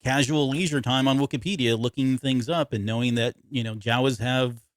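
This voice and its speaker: With fairly even intonation and a mid-range voice at normal speed, a man co-hosts a podcast in loose, casual conversation. He rambles, breaks off mid-thought, and frequently laughs. The studio sound is clean and dry.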